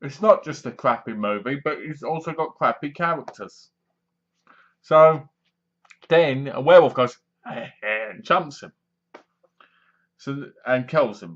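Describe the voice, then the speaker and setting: A man's voice: medium pitch, highs cut off. A man reviewing a horror film, retelling the plot with acted-out reactions and sound effects. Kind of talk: casual film review monologue.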